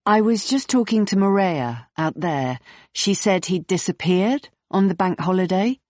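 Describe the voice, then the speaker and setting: Narrator doing a polite nervous young woman, higher voice, asking stuff carefully, dull dry audio. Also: lively intonation, unhurried, darkish tone, no room sound. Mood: inquisitive. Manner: questioning, polite, tentative. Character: nervous, inquisitive young woman searching for someone.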